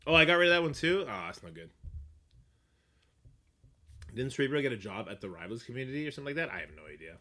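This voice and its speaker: A man streaming live, chatting casually with viewers, swearing often and getting animated. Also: mid-range voice, fast, long pauses. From Canada. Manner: profane, animated, answers chat. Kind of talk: casual livestream chat.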